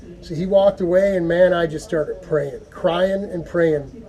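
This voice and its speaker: A man giving an earnest, folksy prayer talk to camera, halting and repeating words as he goes. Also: sits high, mellow. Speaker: go-kart hobby vlogger.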